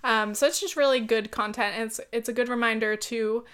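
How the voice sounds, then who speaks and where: Young female vlogger, smooth clear voice, a bit high, chatty and rambling. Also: steady tone, brisk, a bit bright. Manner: rambling, filler-heavy, with many ums and likes. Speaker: YouTuber. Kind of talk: casual chat to camera.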